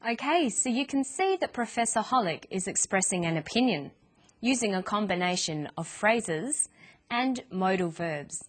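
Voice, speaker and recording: A woman narrating a scripted English pronunciation lesson in a clear, measured way. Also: medium pitch, fairly bright tone. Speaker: English teacher.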